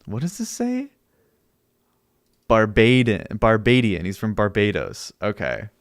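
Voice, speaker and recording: A man's voice: lowish voice, huge pitch swings, normal speed, no echo, studio quality. A young man streaming, arguing with his chat in a sarcastic, argumentative way and laughing often. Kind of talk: casual livestream chat.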